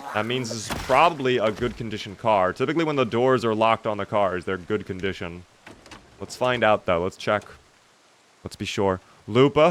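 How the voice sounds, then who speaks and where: A young man with a lowish voice chats casually over a zombie survival game stream, picking out viewer questions and answering them. Background noise can be heard.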